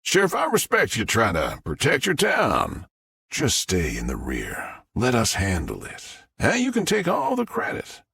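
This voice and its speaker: A man's voice: medium pitch, huge pitch swings, unhurried, gravelly, sharp tone, breathy edge, no echo, studio quality, voice pushed up, full character voice. A man doing a swaggering Southern sergeant. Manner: heavy twang, swaggering and dismissive. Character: brash military sergeant, man, middle-aged, confident.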